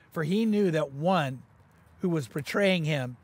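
A man preaching a sermon as pastor, animated and quick to raise his voice for emphasis. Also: on the high side, husky.

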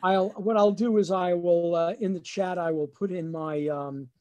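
A high-pitched man's voice at normal speed, with a little hiss or hum in the audio. He's a middle-aged New Jersey lawyer and comedian telling comic family stories as webinar stand-up, animated and voicing his family members.

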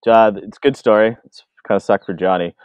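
Low-voiced man telling stories casually. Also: fairly quick, clean tone, no room sound. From Canada. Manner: animated, acts out quoted voices, many fillers. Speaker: filmmaker guest. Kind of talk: casual storytelling.

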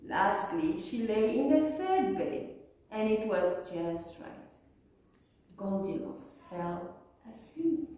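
A woman, an early years teacher, reading a children's story aloud with slow, expressive delivery. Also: mid-range voice, far from the mic. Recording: echoey room, voice off-mic.

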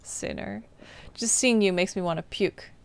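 A woman's voice: mid-range voice, a little slow, gravelly, smooth. A woman voicing a hungry, mocking demonic eye creature in a horror game, reading its lines with a menacing, taunting manner.

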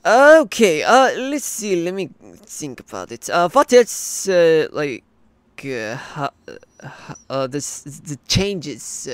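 Halting man as a hobby cartoon host, slightly high, dry close sound. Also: big pitch swings, clean tone, dry recording. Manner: hesitant, halting with many fillers. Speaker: host, interviewer.

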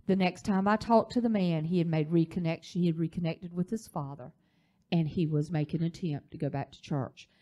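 A woman's voice: lowish voice, fairly quick, mellow, highs cut off. A woman, the pastor's wife, teaching a church leadership class in a preaching style, telling a story with emphasis.

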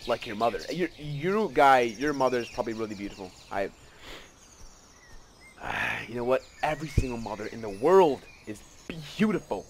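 A man giving casual let's play commentary, excitable and rambling, often gasping and joking at himself. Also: mid-range voice, normal speed, a little hiss or hum. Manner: excitable, rambling, gasps and self-mocking asides.

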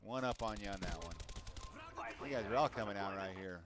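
A man's voice: fairly low pitch, brisk, over a noisy crowd. A man commentating his own video game play in a frustrated, profane rant. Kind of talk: casual gameplay commentary. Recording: gameplay with loud gunfire behind. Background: game gunfire and clicks.

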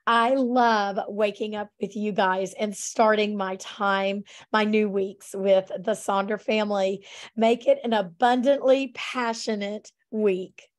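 A woman with a scratchy, strained voice hosts a casual online planning session at an unhurried pace. She talks in a friendly way, with ums and restarts, and her pitch sits in the middle of the usual range. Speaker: host of a weekly planning session. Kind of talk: casual online workshop talk.

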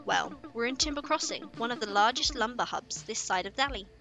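A woman's voice: on the high side, expressive, brisk. A woman voicing a chatty, kindly old woman who keeps the woods, reading game dialogue aloud. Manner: chatty, gently welcoming.

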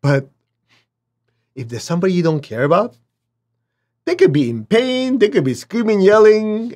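A man teaching a spiritual lesson, who often checks in with his listeners and acts out little dialogues with big swings in pitch. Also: very animated, normal speed, long pauses, darkish tone. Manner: asks listeners to check in, "okay?", "make sense?".

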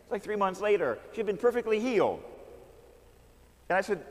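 An American man, a Catholic priest, telling stories in an animated sermon and calling out "Amen?" to the crowd. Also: high-pitched, fairly quick, in a large hall. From United States. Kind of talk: storytelling sermon.

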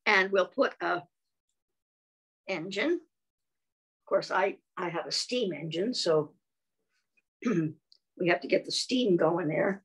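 Slow, gentle woman telling children's stories. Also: lowish voice, lively intonation. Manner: gentle, asks the listening child questions; often clears her throat. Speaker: children's storyteller. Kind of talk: reading aloud and singing to young children.

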